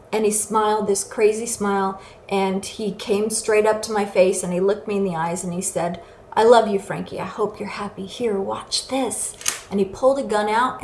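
A woman's voice: medium pitch, darkish tone, a little hiss or hum. Woman telling her story in an echoey room. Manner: earnest, emotional storytelling. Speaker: recovery speaker. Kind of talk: personal testimony talk. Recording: echoey room with faint ambience.

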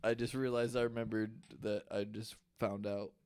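A man co-hosting a casual podcast, spinning a creepy folk tale with plenty of swearing. He talks in an animated way and breaks into laughter often. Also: fairly low pitch, normal speed, clean tone. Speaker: podcast co-host. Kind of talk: casual chat, storytelling folklore.

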